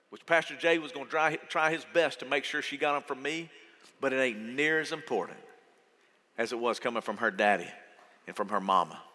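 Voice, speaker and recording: Pastor guy preaching, chatty and earnest, bright voice, big echoey hall. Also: fairly high pitch. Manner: earnest and conversational, shifting between soft and loud. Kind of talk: sermon. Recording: long reverb of a church hall.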